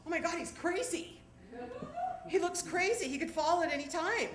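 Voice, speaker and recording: A woman's voice: extremely high pitch, moderate pace, voice pushed up. A woman on stage voicing a female bystander who exclaims in alarm. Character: alarmed woman onlooker at a beach. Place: theatre stage. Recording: echoey theatre with background noise.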